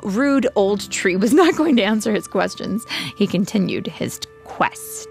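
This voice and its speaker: A woman reads a storybook aloud at an unhurried pace, her voice lively and rising and falling. She has a gravelly edge in her voice and breaks off to chat with a child. Soft music plays behind her. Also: medium pitch. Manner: slow, animated, stops to chat with the child.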